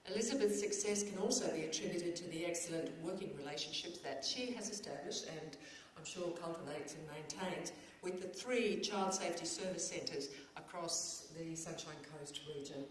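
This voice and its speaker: Woman MC at an awards event, lowish voice, prepared remarks, roomy hall sound. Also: normal speed, a little hiss or hum. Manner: reads prepared remarks with some fillers. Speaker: awards ceremony host. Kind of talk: formal presenting with ad-libs. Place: event venue on stage. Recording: echoey hall, faint ambience.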